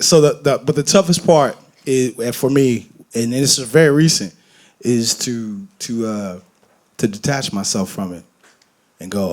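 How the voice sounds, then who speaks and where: A man from Detroit talking candidly on a festival stage, telling animated, profane, joking stories and acting out voices. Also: mid-range voice, unhurried. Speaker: guest musician on stage. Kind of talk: candid onstage conversation. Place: festival main stage before an audience.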